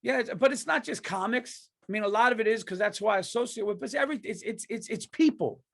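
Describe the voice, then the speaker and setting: A man's voice: high-pitched, fast talker, creaky, a bit bright. A man hosting a comedy podcast, delivering a heated, profane and emphatic rant. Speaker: podcast host.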